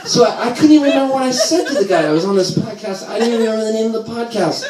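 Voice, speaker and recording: A man's voice: extremely high pitch, lively intonation, very fast. A middle-aged man telling rambling, profane stories on stage, acting out his parents' voices. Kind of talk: live comic storytelling. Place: bar with a live audience. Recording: echoey room, distant mic, crowd noise.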